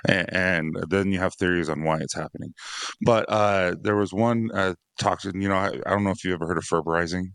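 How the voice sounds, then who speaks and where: Deep-voiced dad, chatty and laughing. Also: male voice, fairly quick, a bit bright, smooth, dry recording, studio quality. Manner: rambling and chatty, laughs often. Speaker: father of six on a dads podcast. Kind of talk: casual conversation.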